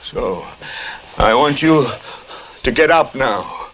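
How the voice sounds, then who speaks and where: A man acting a middle-aged TV anchor ranting on air in a 1970s film drama, pleading and rising to shouts. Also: mid-range voice, expressive, slow, slight background noise. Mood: urging.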